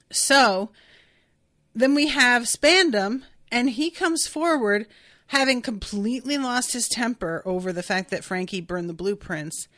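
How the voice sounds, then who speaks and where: A woman's voice: mid-range voice, a bit bright, no echo, clean studio sound. A woman hosting a solo podcast recap, chatting candidly, laughing often and acting out quoted lines. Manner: chatty, candid, swears when quoting. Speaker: podcast host. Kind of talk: solo episode recap, reading listener chat.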